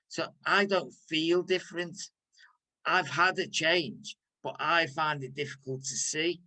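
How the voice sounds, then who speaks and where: A man's voice: fairly high pitch, unhurried, sharp tone, low-quality recording. A man with a Liverpool accent, leading a recovery workshop in a candid, conversational way with frequent restarts. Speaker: workshop leader.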